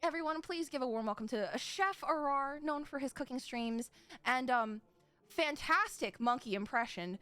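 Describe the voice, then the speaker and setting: A woman's voice: sits high, animated, normal speed, sharp tone, clear, resonant tone, no room sound. A woman hosting her live stream, chatty, giggly and a bit scattered as she welcomes guests. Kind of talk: casual live-stream chat.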